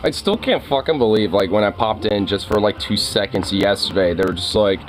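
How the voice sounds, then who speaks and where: A young man talks casually to his viewers in a low, relaxed voice, rambling along, laughing often and swearing freely. Faint music plays behind him. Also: fairly quick, few pauses. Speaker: streamer.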